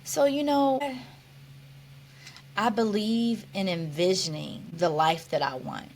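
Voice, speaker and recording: A woman's voice: mid-range voice, slow, slight background noise. A woman guest in an interview, talking earnestly and reflectively, often restarting her sentences. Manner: earnest, reflective, with many restarts and "you know". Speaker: podcast guest. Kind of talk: conversational interview.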